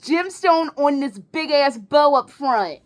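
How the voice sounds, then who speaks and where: A young woman vlogging an unboxing in a casual, excitable way, swearing freely and gushing over what she finds. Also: high voice, slow. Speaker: fashion vlogger. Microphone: camera with ring light.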